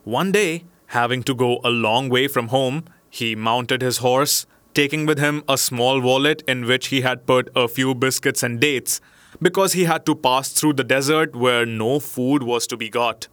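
Bright-voiced man reading a storybook. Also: medium pitch, no echo. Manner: measured, expressive reading. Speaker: narrator. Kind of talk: storybook narration.

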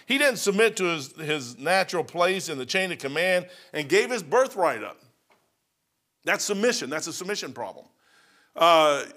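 A man preaching a sermon in a folksy, animated way, jumping from loud bursts to quiet asides. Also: high-pitched. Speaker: pastor.

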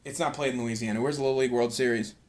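A man hosting a solo podcast, talking in a rambling, profane, excitable way, tired out. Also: medium pitch, rapid-fire. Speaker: podcast host. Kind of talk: casual solo podcast rant.

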